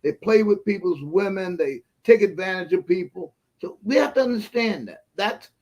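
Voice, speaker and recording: A man's voice: high voice, expressive, moderate pace, a little mellow. A man speaking as a guest in a casual live-stream conversation, earnest and emphatic. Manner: earnest, emphatic, repeats affirmations.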